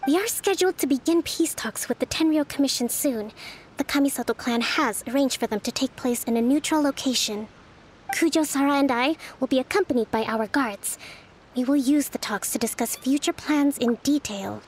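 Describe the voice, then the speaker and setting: A woman voicing a calm, diplomatic young female island leader in a video game, speaking in a measured, soothing way. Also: high voice, a little hiss or hum, natural voice. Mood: composed.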